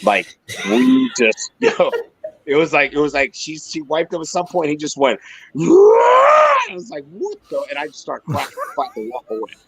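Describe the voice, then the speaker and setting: A man's voice: a little high, normal speed, poor audio. A man co-hosting a podcast, telling a jail story in casual, profane chat and acting out what people said. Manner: animated, profane, acts out quoted voices. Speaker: podcast co-host, former corrections supervisor.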